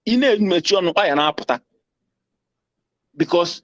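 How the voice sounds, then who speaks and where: High-voiced male caller on a dull line. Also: expressive, brisk, long pauses, no echo. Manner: mixes Igbo and English, repeats lines for emphasis. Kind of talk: impassioned phone call. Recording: dull dry phone call.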